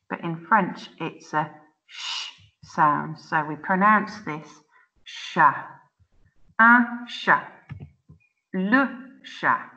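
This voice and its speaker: A woman teaching children an online French lesson, saying words slowly and clearly for them to repeat, chatty and laughing at her own slips. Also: fairly low pitch, pushed and bright, dull audio. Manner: slow, clear drilling of words for repetition; chatty and self-mocking, exclaims at slips. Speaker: primary school teacher.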